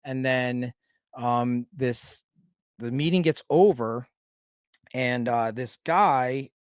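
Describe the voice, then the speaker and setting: In clean studio sound with no echo, a man with a clear, resonant, mid-range voice slowly tells his own recovery story in conversation. He's a sobriety coach and guest storyteller, and his telling is rambling, candid and casual, with the occasional swear word.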